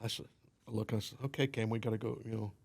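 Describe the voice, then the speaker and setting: A man who owns a limo company appears as a podcast guest, casually telling stories and acting out the quoted dialogue. He's an animated storyteller with a fairly low pitch, a fast delivery, and vocal fry.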